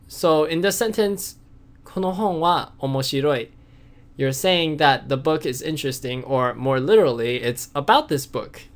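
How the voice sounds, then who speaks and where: A man's voice: mid-range voice, a bit bright. A man teaching a casual online language lesson, explaining patiently with frequent fillers and restarts and stressing key words.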